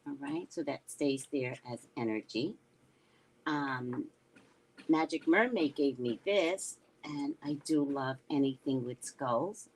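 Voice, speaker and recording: A woman's voice: extremely low pitch, lively intonation, takes it slowly, a little mellow, husky, poor audio. A woman psychic reader hosting a casual livestream, chatting in a rambling way and reading out viewer comments.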